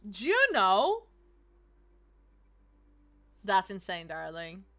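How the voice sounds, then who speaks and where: A woman's voice: medium pitch, huge pitch swings, drawn-out words, sharp tone. A woman streaming a video game, chatting casually and swearing often. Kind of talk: casual gaming stream chat.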